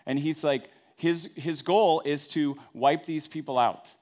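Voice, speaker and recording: A man's voice: a little high, steady tone, unhurried, darkish tone. A man, a pastor, preaching a sermon in a conversational storytelling way with wry everyday asides.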